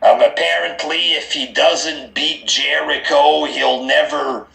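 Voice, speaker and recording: Slow, gravelly sarcastic reviewer man. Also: a little high, steady tone, sharp tone, echoey room, distant mic, soft background music. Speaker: wrestling reviewer. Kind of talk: mocking review commentary.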